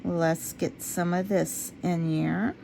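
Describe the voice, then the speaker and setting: A woman chatting casually to her viewers as she works on a craft project. She talks to herself while she works and drifts into low, quiet talk when she concentrates. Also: fairly even intonation, slow pace, gravelly, slight background noise. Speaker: resin craft vlogger.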